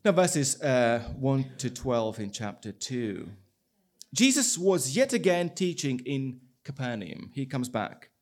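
A man delivers a sermon at an unhurried pace. His pitch rises and falls widely as he retells the story. He acts out the people's dialogue with animated emphasis. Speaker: pastor.

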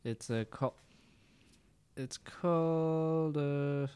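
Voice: mid-range voice, drawn-out words, mellow, clear, resonant tone. A speaker in a casual podcast chat, reacting dramatically and animatedly.

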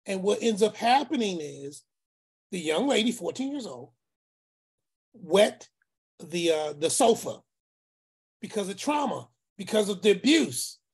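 A man tells a long family story, acting out the people in it and repeating words for effect. His voice is somewhat breathy and husky. At times his tone turns preacherly. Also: high voice, unhurried, pauses often. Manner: animated, acts out voices, repeats phrases; preacherly, speaks of faith. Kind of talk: casual storytelling.

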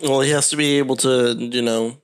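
A man's voice: mid-range voice, steady tone, a little fast, clean tone. A man chatting casually as a tabletop player, making dry, teasing remarks. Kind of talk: casual chat.

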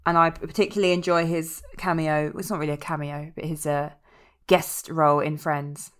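A woman co-hosting a podcast, bantering quickly and joking in casual chat, with the odd swear. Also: sits low, level tone, smooth. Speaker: podcast co-host.

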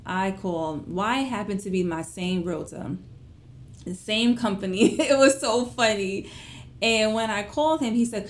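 A woman speaks straight to her viewers in a casual storytelling vlog. Her voice sits at a middle pitch. It rises and falls sharply as she relives the story, in loose, everyday phrasing. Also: a little slow, slight background noise. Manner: emotional, animated retelling with big pitch swings; conversational, colloquial phrasing. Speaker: small business owner.

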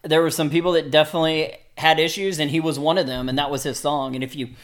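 A podcast host telling stories from their own recovery in a loose, reflective way. The voice sits at a middle pitch. The talk is full of fillers and easy asides. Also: flat delivery, quick pace. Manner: reflective, storytelling, frequent fillers. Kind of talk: casual podcast chat.

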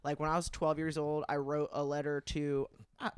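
A young adult chats casually on a podcast, wandering through stories and circling back with "like" and half-finished starts. The voice sits mid-pitch, and the sound is dry and close. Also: flat delivery, normal speed, clean tone, no echo. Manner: rambling, full of "like" and restarts. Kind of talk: casual chat.

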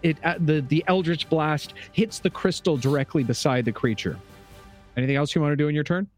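A man's voice: on the high side, brisk, a little mellow, soft background music. Easygoing man running a game. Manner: easygoing, describes action with many fillers. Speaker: game master. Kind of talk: narrating a tabletop game.

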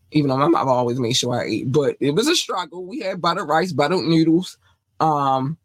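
A woman's voice: low voice, no echo, poor audio. Blunt, scolding podcast host woman. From North Carolina, USA. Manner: scolding, blunt and profane rant. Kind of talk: entertainment news podcast commentary.

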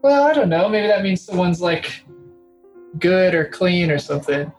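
Podcast guest, easygoing, casual chat, mid pitch. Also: big pitch swings, normal speed, faint music behind, rough recording. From Southern US. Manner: easygoing, puzzled guessing.

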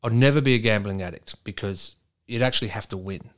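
A man's voice: fairly low pitch, fairly quick. An Australian man, a racing driver, telling sweary stories in a casual chat. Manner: sweary, storytelling, animated.

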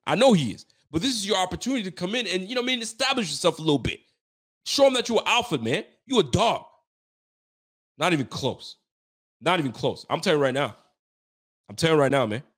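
A man's voice: high-pitched, animated, quick pace, pauses often, a bit bright, husky. A young man hosting a sports podcast, giving a frustrated, slangy postgame rant that keeps repeating its points.

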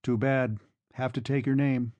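A man reading a novel aloud and voicing a brisk, matter-of-fact army officer. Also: mid-range voice, steady tone, darkish tone, no room sound, close to an everyday voice. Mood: curt.

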